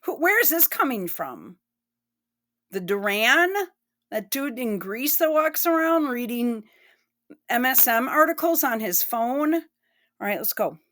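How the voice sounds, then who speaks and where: A woman's voice: fairly high pitch, sing-song, a little slow, a bit bright. A woman giving blunt, profane and emotional commentary while reacting to news clips. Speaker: online commentator.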